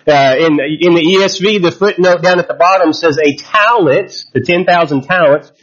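A man with a fairly high voice preaches a sermon. He reads scripture with slow emphasis, then explains it loosely with fillers and restarts. The recording sounds dull and muffled. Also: fairly bright tone.

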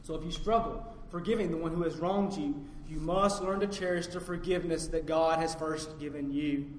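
Emphatic preacher in an echoing hall. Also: male voice, steady tone, normal speed, a little hiss or hum. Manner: builds to loud emphatic peaks, drops low and quiet on key points. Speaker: pastor. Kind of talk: sermon. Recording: echoey hall with long reverb, faint ambience.

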